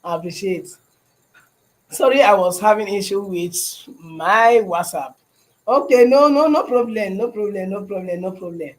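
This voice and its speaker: High-voiced Nigerian man chatting on a livestream. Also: normal speed, rough recording. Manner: repeats phrases, keeps asking "you understand?". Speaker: livestream host. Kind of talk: casual livestream chat. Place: his shop.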